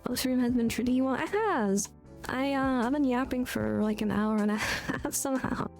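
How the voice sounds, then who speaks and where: A woman's voice: fairly high pitch, moderate pace, darkish tone, faint music behind. A woman live streamer chatting casually with her viewers in a rambling, goofy, giggly way.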